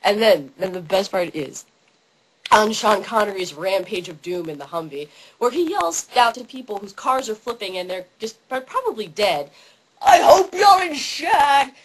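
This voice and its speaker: A young woman excitedly ranting about a favorite movie, yelling and acting out scenes in funny voices. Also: medium pitch, moderate pace, slight background noise, poor audio. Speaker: vlogger.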